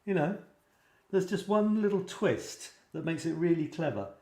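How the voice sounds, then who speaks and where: A man's voice: fairly high pitch, lively intonation, normal speed, a little mellow, reverberant. A man hosting a casual live chat about writing, reading funny poems aloud with lots of fillers and restarts. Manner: reads light verse playfully. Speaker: host.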